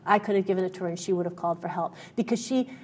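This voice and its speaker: A woman's voice: on the low side, very fast, a little mellow, slightly rough. A woman guest in an interview, telling a personal story in an earnest way, with many fillers and restarts.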